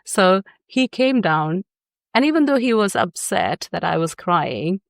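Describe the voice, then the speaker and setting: A woman's voice: lowish voice, very animated, unhurried, creaky, no echo, clean studio sound. A woman psychotherapist guesting on a podcast, telling personal stories candidly and laughing often. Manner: warm storytelling, often laughing.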